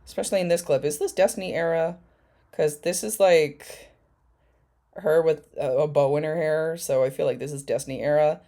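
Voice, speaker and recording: A woman's voice: low-pitched, fairly even intonation, normal speed, warm tone. A woman giving sarcastic, profane reaction commentary on video clips. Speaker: commentary YouTuber.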